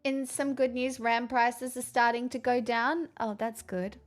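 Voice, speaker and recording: A woman's voice: on the high side, steady tone, measured pace, soft background music. A young woman streamer chatting casually and candidly with viewers, rambling and swearing freely. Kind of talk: casual chat answering viewer questions.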